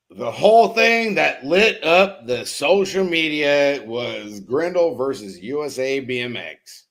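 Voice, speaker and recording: A man with a medium-pitched, fairly bright voice runs a BMX live show. Reading viewer comments out loud, he teases chatters by name, cracks loose, profane jokes, and laughs a lot.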